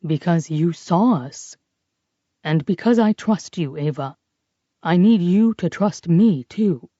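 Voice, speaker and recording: Brief: narrator voicing a gentle male priest, hushed and calm, dull dry recording. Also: lowish voice, slow pace, dry recording. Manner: gentle, reassuring. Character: kind, calm older French priest.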